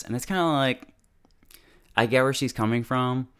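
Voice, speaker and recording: A man with a medium-pitched, clean voice recaps a TV episode in a casual, chatty way, saying "like" a lot and laughing often. He speaks at a moderate pace and pauses frequently.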